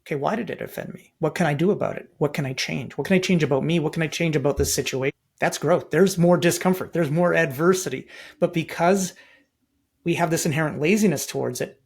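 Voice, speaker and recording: A man's voice: a little high, quick pace, creaky, husky. A middle-aged man from Canada, a podcast interview guest speaking emphatically with many rhetorical questions.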